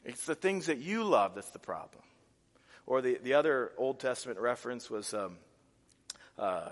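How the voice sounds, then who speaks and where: A man preaching a sermon, animated and casual, with many restarts and fillers. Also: medium pitch, moderate pace. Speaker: pastor. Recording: reverberant hall.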